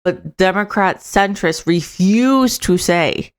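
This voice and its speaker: A young woman talks through her reactions in a casual, unscripted way. She is emphatic and swears to drive her points home, in a mid-pitched voice. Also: takes it slowly, clean tone. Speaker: commentator reacting to a speech.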